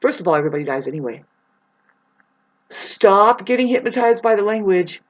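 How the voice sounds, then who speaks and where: Woman, spiritual vlogger, rambling and cussing, loud one moment and mumbling the next. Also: lively intonation, brisk, rough recording. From United States. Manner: agitated and profane, swinging between loud outbursts and low muttering.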